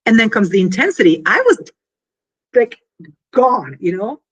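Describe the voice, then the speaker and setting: A woman talks through her invention in a loose, conversational interview. Her voice is a bit husky and swings widely in pitch as she piles on fillers and acts out quick scenes to make her point. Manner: animated, full of fillers, acts out little scenes. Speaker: inventor explaining her product. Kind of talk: casual explanatory interview talk.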